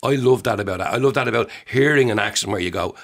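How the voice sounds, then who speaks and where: A man's voice: lowish voice, fast talker. A man, a playwright talking about his play in a discursive, enthusiastic way. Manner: enthusiastic, discursive, repeats words when starting. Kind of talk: conversational interview.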